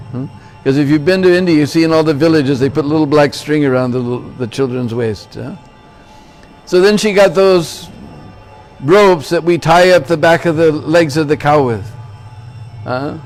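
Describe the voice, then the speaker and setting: A man's voice: fairly high pitch, a little mellow. Man giving a sermon. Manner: checks in with listeners by asking "Hmm?" and "Huh?". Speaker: religious lecturer. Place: temple.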